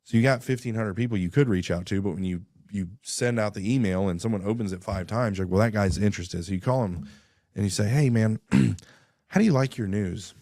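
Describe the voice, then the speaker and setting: A man's voice: on the low side, quick pace, darkish tone, no room sound, studio quality. A man, a radio guest, telling a story in casual talk and acting out both sides of phone calls.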